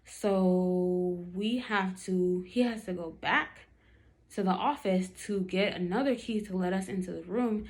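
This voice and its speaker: A young woman talks casually to her camera. Her voice sits at an ordinary middle pitch, and she rambles with fillers. She slips in quick acted-out quotes as she goes. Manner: chatty, many fillers, acts out quotes. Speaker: vlogger telling a story.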